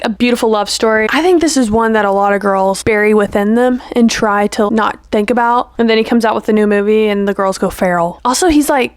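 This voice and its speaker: A young woman talks straight to camera in a loose, chatty vlog, gushing and playful with a steady stream of "like" and "you know". Her voice sits a little high, and the recording is close and dry, with no room sound. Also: dry recording. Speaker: vlogger. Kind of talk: casual chat to camera.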